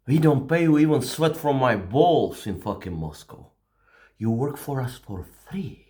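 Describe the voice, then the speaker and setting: A man's voice: mid-range voice, animated, measured pace, dark tone. A man delivering a mocking, profane satirical rant in broken English, dropping into whispers and breaking into laughter. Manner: broken, non-native English grammar. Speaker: vlogger. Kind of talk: satirical ranting monologue.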